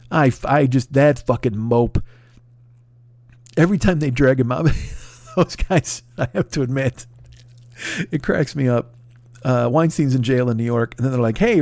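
A man holds forth in a loud, profane comedic rant, stumbling over restarts and laughing at his own lines. His voice sits a bit high for a man. The recording is close and completely dry, with no room sound at all. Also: no room sound. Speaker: podcast host.

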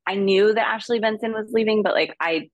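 A woman guest actress on an interview show tells a story casually and fairly quickly, in a dry recording. She's chatty, leans on fillers, laughs often, and acts out the people she quotes in a higher pitch.

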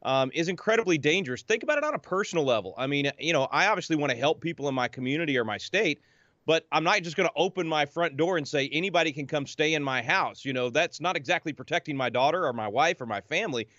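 A man's voice: fairly high pitch, animated, fast talker, sharp tone, dry recording. A man making emphatic political arguments as a guest speaking over a video call. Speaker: guest commentator. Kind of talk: political commentary. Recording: dull, dry video call audio.

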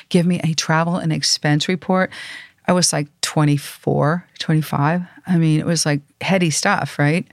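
Animated woman telling stories. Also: lowish voice, clean tone, no room sound, clean studio sound. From New York. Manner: animated, acts out quoted voices. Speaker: interview guest. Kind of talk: casual storytelling.

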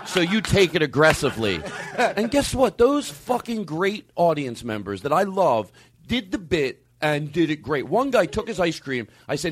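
A man's voice: on the high side, sing-song, a little fast. A middle-aged man hosting a comedy podcast, telling rambling, profane, self-mocking stories. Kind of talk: rambling comic monologue.

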